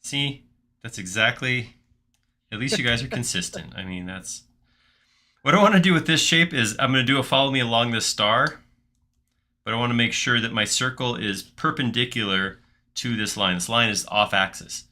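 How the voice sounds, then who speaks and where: A man hosting a live software modeling stream, thinking aloud in casual chat as he works. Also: mid-range voice, moderate pace. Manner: chatty, thinks aloud with restarts while clicking. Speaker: livestream host modeling in software.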